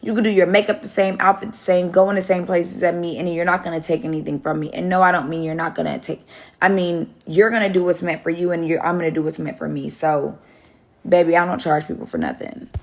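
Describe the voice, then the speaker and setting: A young woman talks to her followers on a phone live stream, rambling candidly and swearing freely. Her voice sits low and has a gravelly fry to it. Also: steady tone, fast. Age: young adult. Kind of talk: casual live-stream storytelling.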